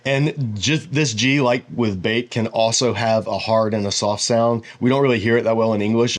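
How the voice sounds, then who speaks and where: A man teaches a relaxed whiteboard lesson. He explains each point step by step, pausing to think aloud and wander into friendly asides. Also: lowish voice. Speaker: Bible teacher.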